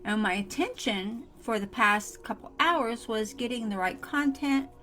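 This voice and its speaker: A woman talks straight to camera in a casual motivational tutorial, earnest and repeating her points. Her voice sits a little high. Soft music plays faintly beneath her. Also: a little slow. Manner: earnest, repetitive, speaks straight to the viewer. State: coughing fits. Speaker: self-help vlogger.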